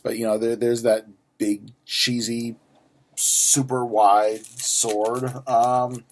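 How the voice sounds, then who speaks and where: A foul-mouthed man in his forties talks his way through a subscription box at an ordinary middle pitch. He rants sarcastically and stumbles over repeated words. Nothing about his voice stands out beyond the attitude. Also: level tone, takes it slowly, slight background noise. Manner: ranty, profane, sarcastic, frequent restarts. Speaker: unboxing vlogger. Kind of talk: casual unboxing chat.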